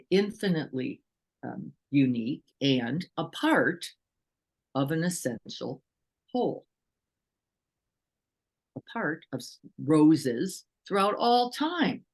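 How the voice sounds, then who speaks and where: A woman teacher giving a relaxed, conversational dharma talk. She speaks with lively energy, poses rhetorical questions to her listeners and slips into quick acted-out voices as she explains. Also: low voice, vocal fry, husky. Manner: animated, asks rhetorical questions, acts out quotes. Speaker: meditation teacher.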